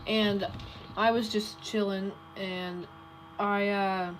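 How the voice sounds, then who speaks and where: Giggly cohost girl, mid pitch, keeps jumping in to redirect the chat. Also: a little hiss or hum, poor audio. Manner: giggly, interrupts to steer the conversation. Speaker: podcast co-host. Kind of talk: casual chat.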